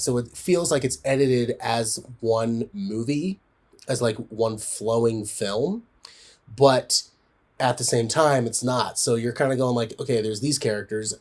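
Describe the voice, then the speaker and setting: A man's voice: medium pitch, darkish tone. Rambling man reviewing a film. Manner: rambling, with frequent fillers and restarts. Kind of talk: casual spoken film review.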